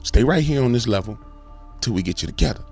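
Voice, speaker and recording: The Lord speaks as a fatherly figure who scolds his son firmly but with affection, as a man puts him on. The voice sits raised and swings widely in pitch. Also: expressive, fast talker, creaky, a little mellow, husky, faint music behind. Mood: scolding.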